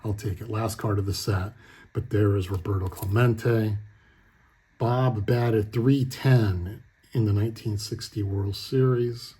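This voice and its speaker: Husky, chatty man showing his collection. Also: on the low side, fairly even intonation, slow pace, dark tone. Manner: chatty, rambling, self-correcting storyteller. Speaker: card collector host. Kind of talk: casual show-and-tell chat.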